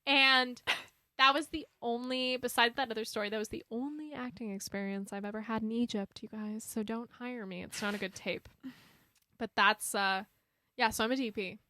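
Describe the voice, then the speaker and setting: A woman cinematographer hosting a podcast, telling a story in a lively, chatty way in casual conversation. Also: fairly high pitch, normal speed, dry recording. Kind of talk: casual chat.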